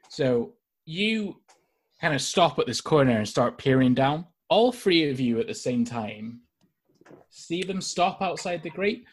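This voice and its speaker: A man narrating a tabletop game as dungeon master over a video call, with a casual, halting delivery full of fillers. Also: a little high.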